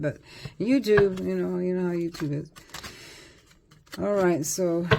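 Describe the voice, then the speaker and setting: A woman's voice: on the low side, mellow, slight background noise. An older woman giving a casual, chatty psychic tarot reading, repeating herself and laughing often. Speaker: tarot reader.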